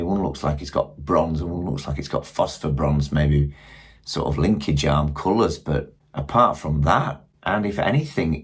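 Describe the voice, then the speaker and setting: A man's voice: deep voice, breathy edge. A middle-aged man with a Yorkshire accent, hosting a model railway channel and chatting through a casual product review, rambling and asking viewers questions.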